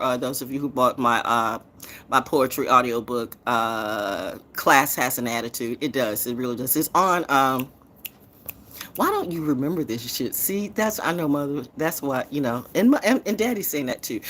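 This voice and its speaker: A woman's voice: a bass voice, a bit bright, slight background noise. A woman poet who hosts her own show, ranting in a defiant, profane, trash-talking way. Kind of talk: confrontational rant.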